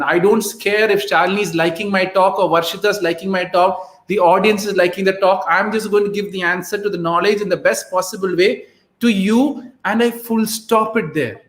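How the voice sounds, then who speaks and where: A man's voice: high-pitched, steady tone, a little fast, fairly bright tone. A man hosting a live show as a life coach, giving motivational advice emphatically and often checking in with "right?". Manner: emphatic, keeps asking "right?" to the listener. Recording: echoey room.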